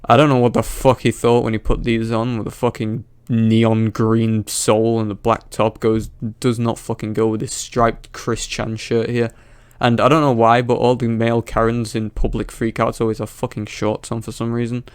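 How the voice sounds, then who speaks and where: A man delivers swearing, mocking commentary on a viral clip in a flat, monotone voice. His voice is smooth and clear. It is recorded close to the mic in a dry room. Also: mid-range voice, moderate pace, dry recording. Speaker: reaction video commentator. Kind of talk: sarcastic reaction commentary.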